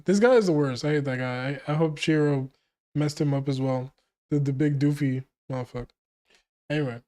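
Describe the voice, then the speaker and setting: Excitable man reacting to a manga. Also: a little high, brisk. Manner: excited, exclamatory, slangy. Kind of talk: casual reaction commentary.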